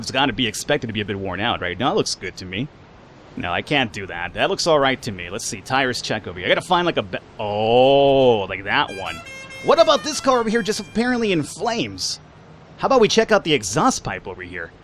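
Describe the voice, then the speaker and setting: A man giving casual, animated commentary while playing a video game and reading its lines aloud. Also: mid-range voice, a little hiss or hum. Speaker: let's play gamer.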